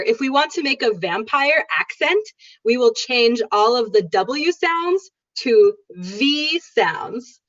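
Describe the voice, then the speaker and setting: An upbeat woman with a slightly high voice leads an online pronunciation lesson, drawing out each sound for her students. The audio is dull and lo-fi, like a video call, with a dry, close sound. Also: a bit bright, no echo. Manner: upbeat, demonstrative, repeats sounds slowly. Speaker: English teacher.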